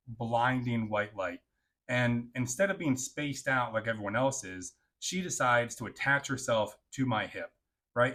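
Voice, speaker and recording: Male storyteller, animated and crude, mid-range voice, keeps asking "right?". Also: medium pitch. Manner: animated, keeps checking in with the listener; crude, joking delivery. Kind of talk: casual storytime.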